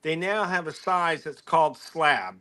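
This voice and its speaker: Jokey man, bright voice. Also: on the high side, unhurried. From San Antonio, Texas. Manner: animated, laughing, jokey. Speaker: co-host. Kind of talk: casual chat.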